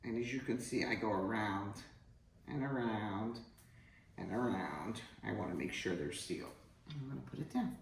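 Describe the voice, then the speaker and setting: A woman's voice: extremely low pitch, expressive, moderate pace, gravelly. A middle-aged woman hosting a casual home cooking demonstration, chatty and joking as she talks straight to her viewers. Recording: roomy, distant from the mic, faint hum.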